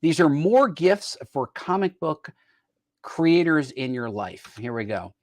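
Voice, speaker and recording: A man's voice: a little high, big pitch swings, slow, no echo. A male host in a casual chat, upbeat and playful, with frequent fillers and hesitations. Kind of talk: casual chat about gifts.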